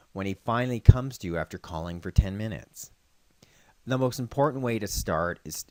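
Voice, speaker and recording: A man working as a veterinarian host, explaining dog training in a calm, instructional way. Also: low-pitched, no echo. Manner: calm instructional, calling dogs loudly and praising them. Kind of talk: scripted narration with outdoor demonstration.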